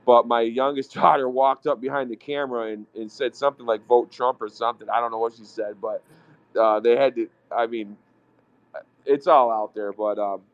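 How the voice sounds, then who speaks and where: A man with a smooth, clear voice rambles through casual chat, halting often on fillers. The sound is dry and a little dull. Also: mid-range voice, fairly even intonation, dry recording.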